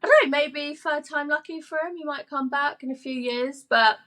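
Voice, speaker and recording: A young woman, a sports presenter, telling stories in a casual interview, chatty and quick to act out what people said. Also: high-pitched, bright, forceful tone. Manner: chatty storyteller, acts out quoted dialogue, laughs often.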